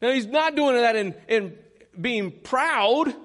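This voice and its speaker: A man preaching a sermon as pastor, calling on the congregation to repeat lines after him and drawing key phrases out slowly for emphasis. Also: very high-pitched, animated, fairly bright tone. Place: church sanctuary. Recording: long reverb of a large hall.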